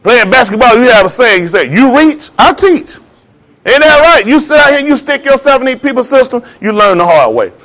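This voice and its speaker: Guy ranting on camera, high voice that jumps all over, heated and preachy. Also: big pitch swings, fast, few pauses. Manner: heated, preachy, slangy, swings between loud jabs and low asides. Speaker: vlogger. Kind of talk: ranting commentary monologue.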